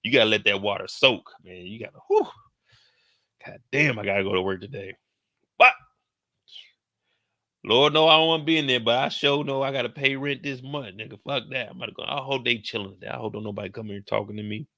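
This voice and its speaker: A young show commentator with a bright, forceful, mid-range voice talks fast through an animated, casual recap, cursing freely and acting out characters' lines. The audio is close and dry, without any room sound.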